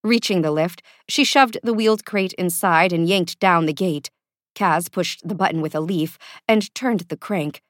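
Woman narrator, lowish voice, lively delivery, dry close recording. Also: measured pace, dry recording. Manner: expressive, lively storytelling. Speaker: audiobook narrator. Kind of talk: scripted narration.

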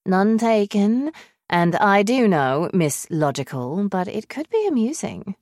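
A woman's voice: mid-range voice, big pitch swings, a little slow, a little mellow, no echo, studio quality, voice pushed up. A woman reading an audiobook, voicing a breezy, teasing female friend with a British accent. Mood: coaxing. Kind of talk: audiobook character voice.

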